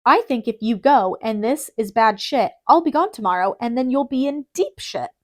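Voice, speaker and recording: A woman voicing a tough, quick-tempered young male addict who talks bluntly and curses, in an audiobook. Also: a little high, animated, darkish tone, lightly acted. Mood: defiant. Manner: blunt, streetwise, cursing.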